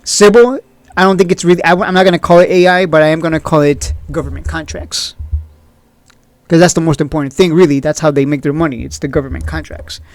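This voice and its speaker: A man's voice: fairly high pitch, fairly even intonation, fast talker, dry recording. A blunt, opinionated man talks through stock picks with a slightly raised voice and a sarcastic edge. He is recorded close and dry, with no room sound at all. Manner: blunt, opinionated, sarcastic, often laughs at critics. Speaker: stock market video host. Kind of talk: casual trading commentary.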